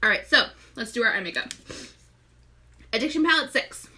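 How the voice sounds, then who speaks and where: A woman's voice: on the high side, expressive, moderate pace, sharp tone, a little hiss or hum. A young pregnant woman hosting a casual live makeup tutorial, chatty, greeting viewers by name and often short of breath. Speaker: makeup seller and live-stream host.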